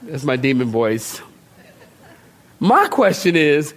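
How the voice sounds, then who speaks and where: A male pastor, preaching a sermon in a lively, joking way and talking straight to his congregation. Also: sits high, a little slow, a faint crowd, slight background noise. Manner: animated, joking, talks directly to the congregation.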